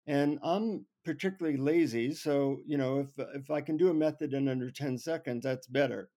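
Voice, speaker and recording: A man on an interview show telling a funny personal story with lively, self-mocking humor. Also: medium pitch, moderate pace. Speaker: guest. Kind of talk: anecdotal storytelling.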